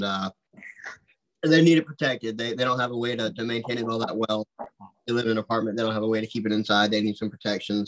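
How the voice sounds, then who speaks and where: A man who is a guest in a casual chat, explaining things in a relaxed, detailed way. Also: mid-range voice, poor audio.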